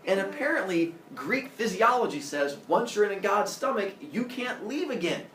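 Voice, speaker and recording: Jokey teacher telling myths to a class. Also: male voice, high-pitched, moderate pace. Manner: jokey, animated, acts out characters. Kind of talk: storytelling lesson. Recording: roomy classroom audio from far off.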